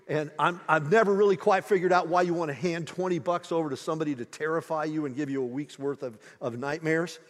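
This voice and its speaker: Animated male preacher in a reverberant hall. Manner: animated storytelling with big pitch jumps, then slow, hushed emphasis. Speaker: pastor. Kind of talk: sermon.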